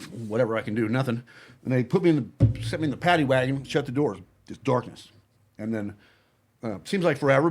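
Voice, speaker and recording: A man telling a personal story to friends in casual talk, blunt and profane, halting often with fillers and restarts. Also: mid-range voice. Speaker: podcast guest telling his story.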